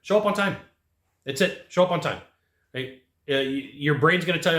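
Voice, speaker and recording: Fast, punchy male sales coach. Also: on the high side, sing-song, a bit bright. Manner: emphatic, punchy, keeps asking "right?". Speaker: HVAC sales trainer. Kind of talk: coaching talk to camera. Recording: echoey room.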